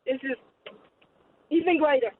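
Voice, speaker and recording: A woman's voice, high and bright, comes through a tinny phone line with faint road noise behind it. She is an upbeat fan who calls in eagerly to give her answer. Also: measured pace. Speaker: caller.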